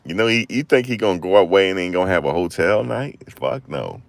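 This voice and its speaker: A man's voice: low voice, expressive, fairly quick, gravelly, no room sound. A man hosting his channel, telling casual stories full of slang and acted-out quotes. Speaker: channel host. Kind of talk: casual storytelling commentary. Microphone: desk microphone.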